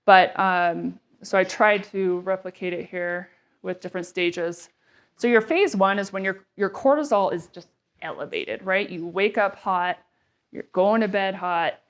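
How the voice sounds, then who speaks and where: A woman, a nurse practitioner, giving a casual health presentation in a chatty way, with many fillers and asides and small acted-out quotes. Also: mid-range voice.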